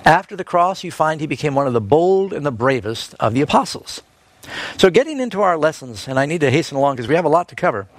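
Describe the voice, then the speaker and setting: A man preaching a sermon, telling a Bible story in a lively way with quick asides and scripture quotes. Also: on the high side.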